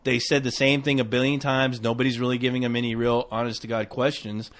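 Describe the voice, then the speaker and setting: A man co-hosting a podcast in casual chat, hesitant, with many restarts, trailing off softly. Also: medium pitch, flat delivery, fast. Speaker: podcast co-host.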